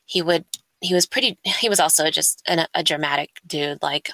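A woman telling a personal story, candid and halting, often pausing with fillers, her voice carrying vocal fry. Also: deep voice, a bit bright, no echo. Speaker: guest sharing a story.

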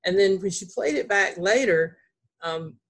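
A woman's voice: medium pitch, lively intonation, unhurried. A woman author from North Carolina with a Southern accent, telling rambling stories in a casual chat, with many fillers and restarts. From Greensboro, North Carolina.

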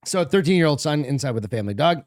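A man's voice: fairly high pitch, lively intonation, very fast, darkish tone, no room sound, studio quality. A man co-hosting a casual chat show, rambling and joking as he reads out a news story. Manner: rambling, jokey, reads news aloud and stumbles over names. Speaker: co-host.

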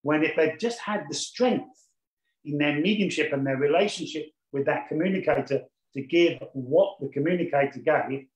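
A man's voice: fairly high pitch, moderate pace, muffled recording. Man teaching in an echoey room. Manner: explanatory, repeats key phrases for emphasis. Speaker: mediumship teacher. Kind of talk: lecture on mediumship.

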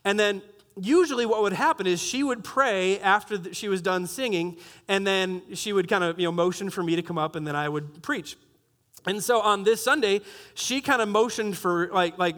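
A young adult man telling a story in a sermon, animated and self-mocking, with many restarts. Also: sits high. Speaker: pastor.

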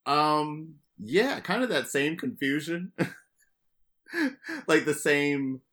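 A man's voice: a little high, slow pace, fairly bright tone. A man co-hosting a casual podcast chat, making jokey asides and laughing often. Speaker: podcast co-host.

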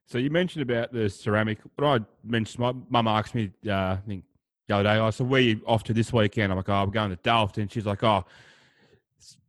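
A man's voice: fairly low pitch, fairly quick, no echo. A man co-hosting a podcast, chatting casually and joking. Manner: joking, laughs between lines. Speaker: podcast co-host.

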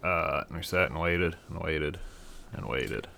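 A man's voice: extremely low pitch, expressive, unhurried, creaky, pushed and bright, a little hiss or hum. A man, co-hosting a casual chat in a laid-back way. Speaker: co-host.

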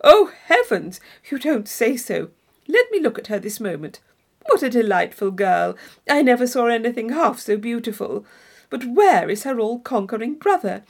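A woman's voice: on the high side, sing-song, normal speed. Isabella, a woman voicing a gushing young lady. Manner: effusive, theatrical exclamations.

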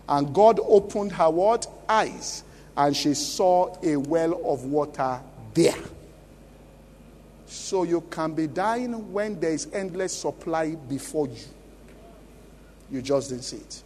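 A man's voice: on the high side, expressive, slow pace, long pauses, a little mellow, long reverb tail. A Nigerian man preaching a sermon as pastor at a church conference, emphatic and often asking the congregation questions. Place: large church conference hall.

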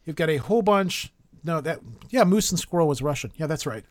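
Casting: high-pitched male co-host, jokey news read, chatty. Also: animated, fairly quick. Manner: joking, reads news aloud with asides. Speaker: podcast co-host. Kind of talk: casual news chat.

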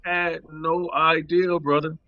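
A man, an actor being interviewed, telling stories from a shoot in a casual, animated way, acting out quotes and laughing often. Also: on the high side, measured pace, dry recording, lo-fi sound.

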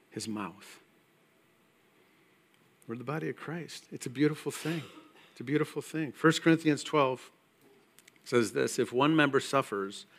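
A man preaching a sermon in a church, conversational and emphatic with quiet asides. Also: mid-range voice. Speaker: pastor. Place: church sanctuary.

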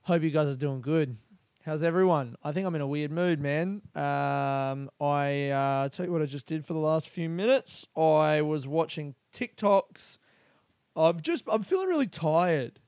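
Australian man, solo podcast host, rambling and sweary, often laughing, slightly high voice, dry close sound, small bedroom. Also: measured pace, darkish tone, smooth, no room sound. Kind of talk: casual solo podcast monologue.

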